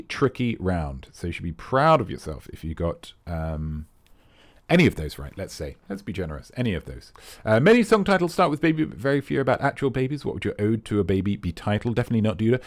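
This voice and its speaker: A man with a lowish voice runs a trivia quiz and reads each question and answer in a loose, chatty way. His delivery swings widely up and down as he wanders off into jokey tangents and little side facts. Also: sing-song, a little fast, no room sound. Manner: playful, rambling, jokey tangents. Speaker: quiz host. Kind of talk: casual quiz read-out with chatty asides.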